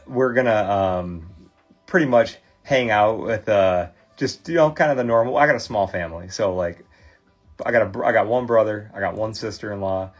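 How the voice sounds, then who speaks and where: A man with a Midwestern American accent, in his thirties, chats through a casual livestream as he works. His voice sits a little low, and he rambles in a friendly way with plenty of fillers and restarts. Soft music plays quietly behind him. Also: highs cut off. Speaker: host of a card cleaning livestream. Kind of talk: casual livestream chat while working.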